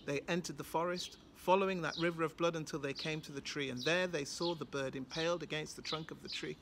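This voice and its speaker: A woman's voice: low voice, steady tone, brisk, hardly any pauses, slight background noise. A woman from Britain with a British accent, telling a folktale with rhythmic, dramatic repetition. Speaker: storyteller. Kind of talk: oral folktale storytelling.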